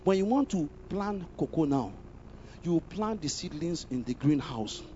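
A high-voiced man preaches with emphatic force, stopping to ask the congregation whether they are with him. The recording is a little muffled, with faint noise in the background. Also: animated, a little slow. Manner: emphatic, asks the congregation questions, bursts into loud exclamations. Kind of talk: sermon.

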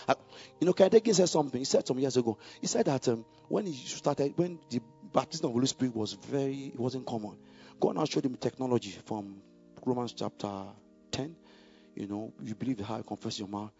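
A man preaching a sermon, dropping to a murmur and rising to loud, emphatic calls, repeating key lines for the congregation to say back. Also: sits high, lively intonation, a little fast. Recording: dull lo-fi recording with faint music.

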